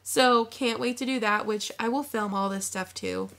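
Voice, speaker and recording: A woman's voice: on the high side, fairly even intonation, normal speed, fairly bright tone. A woman in her twenties vlogging to her phone camera, chatty and gushing, filling her talk with "like". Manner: bubbly, gushing, says "like" constantly. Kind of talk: casual chat to camera.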